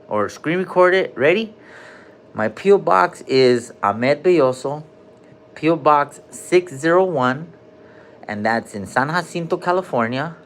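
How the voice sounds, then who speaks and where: A man's voice: a little high, fairly bright tone, a little hiss or hum. A man rambling loosely on a live stream from a hospital room, cursing and dropping slang as he jumps between topics.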